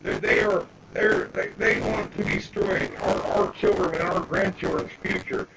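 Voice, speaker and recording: An older man ranting angrily on a live phone video outdoors in the bright sun, repeating himself and calling out to "folks". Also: high voice, huge pitch swings, unhurried, creaky, background noise. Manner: heated, repetitive, keeps calling out "folks". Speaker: livestreamer. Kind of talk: angry live-video rant.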